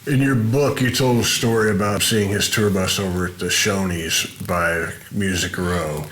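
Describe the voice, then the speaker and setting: A man hosting an interview, calmly setting up a story and inviting his guest to tell it. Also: low-pitched, normal speed, poor audio. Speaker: host and interviewer. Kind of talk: interview questions.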